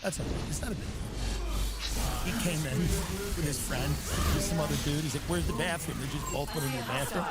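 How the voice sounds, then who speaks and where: A high-voiced man tells a comic story in an animated, profane rant. His pitch leaps all over as he acts out the people in the story. Loud music plays behind him. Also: normal speed. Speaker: stand-up comedian.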